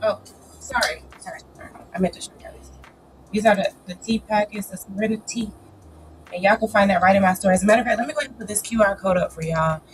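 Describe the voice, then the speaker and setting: A woman's voice: medium pitch, fast talker, a little hiss or hum, poor audio. A woman with a cold, hosting a live writing session in a chatty, playful, encouraging way. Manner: chatty, playful, encouraging with lots of "y'all" and "child". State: sniffly, coming down with a cold. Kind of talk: casual live-stream chat.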